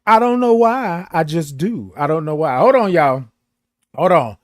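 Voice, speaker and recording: High-voiced man stretching out his greetings. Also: animated, no echo, studio quality. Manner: exuberant, drawn-out sung greetings; chatty, greets viewers by name. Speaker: host of a morning live show. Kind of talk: casual live-stream chat. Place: home studio. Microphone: studio microphone.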